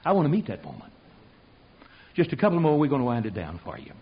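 A man preaching an animated sermon, telling the story in a folksy way and swinging from loud to hushed. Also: medium pitch, fast. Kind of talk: animated sermon with acted-out voices. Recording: dull lo-fi sermon recording.

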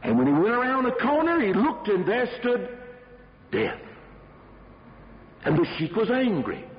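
A man's voice: high-pitched, wildly swooping pitch, unhurried. A male preacher telling a story in a sermon with dramatic emphasis, recorded in a dull recording with long hall reverb.

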